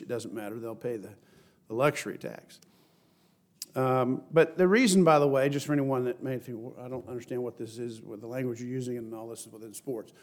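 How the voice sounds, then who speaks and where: A middle-aged man giving a sermon as pastor, reading scripture and explaining it earnestly, slowing and lifting his voice for emphasis. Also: mid-range voice, darkish tone. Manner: earnest preaching, slows and rises to stress scripture.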